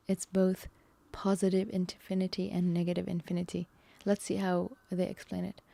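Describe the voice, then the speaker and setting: A woman livestreamer talks casually over a math lesson, her low voice creaky and mellow. She thinks aloud with fillers and small laughs, close and dry on the mic. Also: completely flat delivery, normal speed, no room sound. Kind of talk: casual chat reacting to a video.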